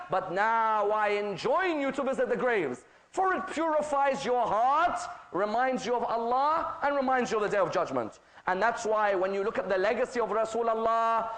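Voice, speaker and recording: A British man delivers a religious lecture in a high, clear voice. He tells stories and acts out the characters' lines. He keeps turning to the audience with rhetorical questions. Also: fairly bright tone, low-quality recording. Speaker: Islamic lecturer.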